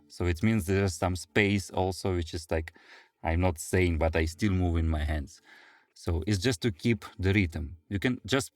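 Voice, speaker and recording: Deep-voiced Russian-accented handpan teacher. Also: male voice, a little slow, soft background music. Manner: non-native English, hesitant fillers, vocalizes rhythms. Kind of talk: casual music lesson.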